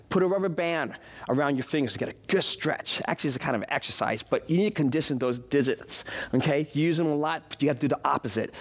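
A man's voice: a little high, breathy edge. A man leading a live stretching demonstration, coaching upbeat with short repeated cues. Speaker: fitness instructor.

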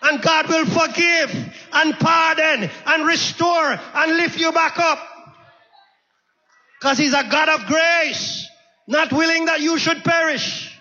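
A high, bright male voice preaching with rising passion, calling out to his congregation and repeating lines. The sound is dull and rings with a long church reverb. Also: fairly even intonation, slow. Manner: impassioned, calls out to congregation, repeats phrases. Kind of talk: sermon.

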